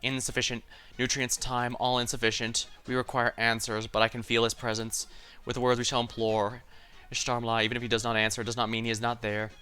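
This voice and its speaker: A man's voice: medium pitch, completely flat delivery, a little fast, pushed and bright, clear, resonant tone, natural voice. A man voicing an alien sea creature that speaks in clipped, chant-like declarations. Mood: cold.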